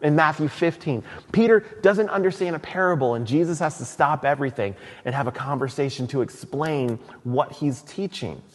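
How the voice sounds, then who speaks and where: A man preaching a sermon in a church, retelling scripture in a casual, animated storytelling way. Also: fairly high pitch, moderate pace, hardly any pauses, big-room sound. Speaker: pastor.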